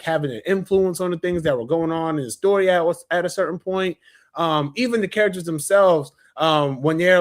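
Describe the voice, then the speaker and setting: A young adult man giving a casual, enthusiastic movie review, chatty and full of fillers and restarts. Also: on the high side.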